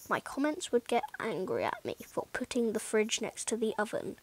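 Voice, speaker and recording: A woman's voice: on the high side, animated, normal speed, dry recording, poor audio. A woman giving casual, rambling gameplay commentary, mocking herself and often muttering asides under her breath. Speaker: gaming YouTuber.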